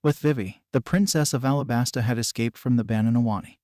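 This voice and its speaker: A man narrates a fan fiction story in a steady, mid-range voice. He reads every character in the same flat, even manner. The sound is close and dry. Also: mid-range voice, fast, no room sound. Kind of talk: reading fan fiction aloud.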